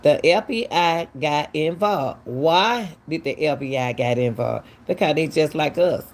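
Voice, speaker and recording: Low-pitched and a little slow, this commentary channel host does casual true-crime talk. She speaks emphatically, asking incredulous questions again and again.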